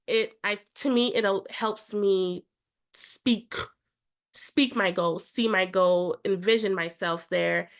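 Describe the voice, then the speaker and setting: Earnest young woman with a gravelly edge. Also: medium pitch. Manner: earnest, motivational. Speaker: reality show contestant. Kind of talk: casual group chat.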